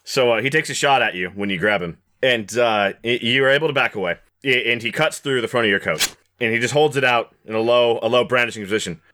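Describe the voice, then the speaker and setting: A man's voice: mid-range voice, quick pace, sharp tone. A man narrating as game master of a tabletop game, wry and a bit hesitant.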